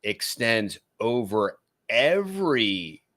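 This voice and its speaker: A man's voice: medium pitch, very animated, takes it slowly, a bit bright, no room sound. A middle-aged Texan man with a Texan accent co-hosting a podcast in a rambling, folksy way. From Texas. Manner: rambling, folksy, lots of fillers. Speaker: podcast co-host. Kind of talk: casual podcast chat.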